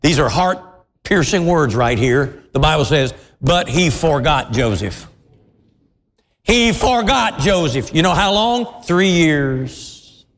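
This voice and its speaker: A man preaching a sermon as pastor, dramatic and storytelling, bursting into shouts now and then. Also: fairly high pitch, expressive, takes it slowly. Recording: long hall reverb.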